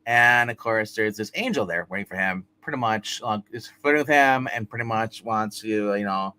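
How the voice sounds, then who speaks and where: A man's voice: fairly low pitch, normal speed, pushed and bright, clean tone. A man hosting a casual live-stream comic book review, talking in a loose, rambling way with many restarts and fillers. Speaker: host of a comic review show.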